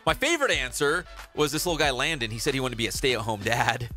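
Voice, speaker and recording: A man's voice: on the high side, animated, fast, music in the background. A man hosting a radio sports show, telling funny stories in casual banter on a studio microphone. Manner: joking storyteller.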